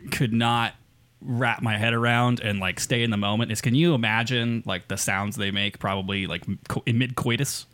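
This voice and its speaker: A man's voice: mid-range voice, steady tone, normal speed, fairly bright tone, no echo. A man co-hosting a podcast, making crude wisecracks and swearing a lot in casual chat.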